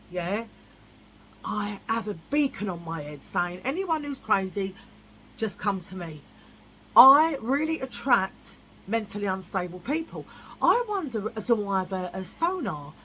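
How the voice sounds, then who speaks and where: A woman's voice: medium pitch, a bit bright, a little hiss or hum, poor audio. A woman vlogging in a blunt, chatty way, repeating herself for emphasis. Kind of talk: casual chat.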